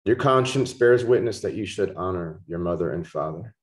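A man preaching a podcast sermon, slow and emphatic, repeating key words for stress. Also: deep voice, animated. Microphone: podcast microphone.

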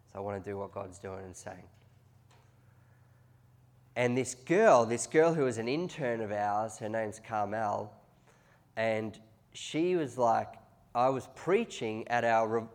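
Man preaching an animated sermon. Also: lowish voice. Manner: conversational, builds to loud excited peaks. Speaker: pastor.

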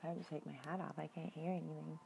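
Young woman, casual game reaction, jokey, slightly low voice, faint background noise. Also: level tone, racing, vocal fry, mellow. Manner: joking, talks back to the screen, laughs often.

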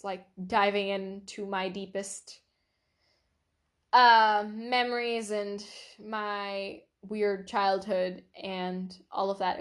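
A young woman hosting her own podcast, chatting casually and rambling with lots of fillers and giggles. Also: mid-range voice. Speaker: podcast host. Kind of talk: casual solo podcast chat.

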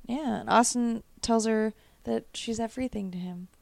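Creaky-voiced woman, chatty podcast co-host. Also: on the high side, normal speed, dry recording. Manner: chatty, rambling, sidetracked. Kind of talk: casual chat.

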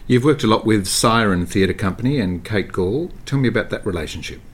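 A man's voice: fairly low pitch, lively intonation, fairly quick, slight background noise. A male interviewer asking short, curious questions to draw out his guest. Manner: curious, brief prompts.

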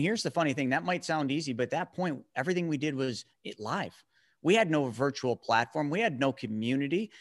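A man's voice: mid-range voice, fairly bright tone. A man talking as a guest in a podcast interview, fired-up, blunt and emphatic. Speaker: guest, money mentor.

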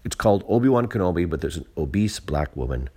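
A man's voice: low-pitched, lively intonation, fast talker, a little mellow. A man hosting a solo podcast, ranting bluntly and profanely in a rambling, disgruntled way with frequent restarts. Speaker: podcast host. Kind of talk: solo monologue rant.

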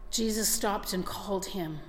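A woman's voice: mid-range voice, a little slow, a little hiss or hum. A woman preaching a sermon earnestly, with frequent restarts, acting out the voices she quotes. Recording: very echoey hall, faint room ambience.

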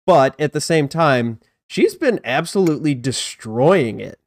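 A man's voice: fairly high pitch, expressive, measured pace, no echo. Chatty male disc golf stream host, dry sound. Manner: chatty, self-deprecating, greets chat viewers mid-topic. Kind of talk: casual live-stream commentary.

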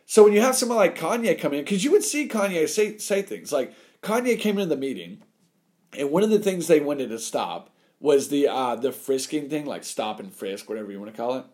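A man's voice: on the high side, brisk. A man chatting casually and animatedly, giving blunt opinions with lots of cursing and acted-out quotes. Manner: animated, swears a lot, acts out quotes.

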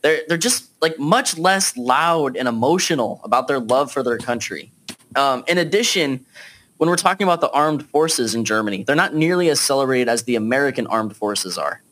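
A man's voice: medium pitch, lively intonation, moderate pace, a bit bright. A man hosting a casual podcast discussion, talking in a laid-back, chatty way with plenty of fillers. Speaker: podcast host.

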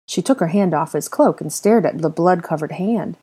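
A woman narrating a fan fiction story aloud in an expressive, animated reading. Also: lowish voice, normal speed, few pauses, breathy edge.

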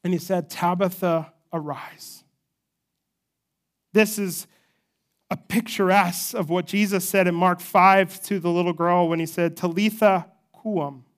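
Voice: medium pitch, flat delivery, normal speed, smooth. A pastor preaching a sermon, retelling a scripture story in an easygoing, conversational way with personal asides.

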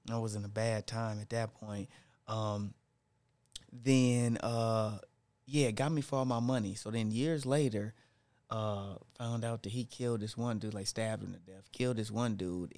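A man casually telling a story in slangy talk, acting out what people said. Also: fairly low pitch. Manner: animated, slangy, acts out quotes. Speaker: storyteller in group chat.

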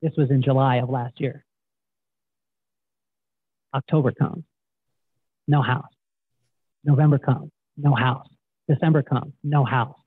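Middle-aged man, husky, lively storyteller, phone-like sound. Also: mid-range voice, a little slow, pauses often, no room sound. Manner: animated storyteller, acts out quotes. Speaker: guest. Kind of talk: casual storytelling interview. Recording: tinny phone-like line, dry.

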